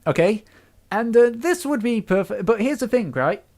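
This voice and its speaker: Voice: medium pitch, lively intonation, moderate pace, a little mellow. A speaker giving a casual, unscripted film review, rambling and griping with many restarts along the way.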